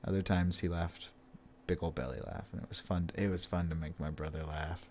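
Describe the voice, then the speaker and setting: A man's voice: sits low, fairly even intonation, fairly quick, a little hiss or hum. A man chatting casually on his livestream, rambling, swearing and laughing easily. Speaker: streamer editing his writing.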